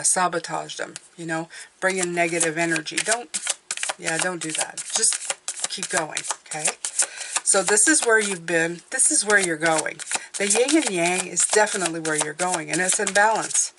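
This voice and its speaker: Encouraging woman tarot reader, lowish voice. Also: fairly bright tone. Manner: encouraging, often checks in with "okay?". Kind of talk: casual tarot reading to viewers.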